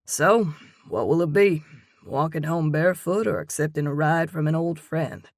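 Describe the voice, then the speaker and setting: A woman voicing a relaxed, gently amused young man in an audiobook. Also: low voice, normal speed, no room sound, studio quality. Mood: teasing. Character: easygoing, teasing young man, old friend.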